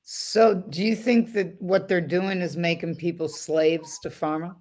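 Casting: female host, husky voice, probing but reassuring interviewer. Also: lowish voice, fairly even intonation, a little slow, darkish tone. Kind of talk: interview conversation.

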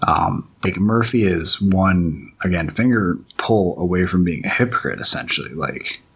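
A man with a very deep, husky voice walks through his comic page by page. He rambles and stops to restart sentences, thinking out loud in a loose, casual way. The recording sounds a bit dull and muffled. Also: expressive. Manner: rambling, halting, many restarts and fillers. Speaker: comic book writer. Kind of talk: commentary track, casual chat.

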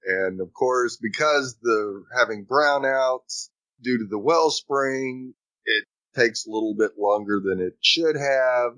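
A man's voice: mid-range voice, slow, fairly bright tone, no room sound, low-quality recording. A man co-hosting a podcast, chatting casually and filling in details about a TV episode. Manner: laid-back, fills in show details. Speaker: podcast co-host. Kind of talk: casual TV recap chat.

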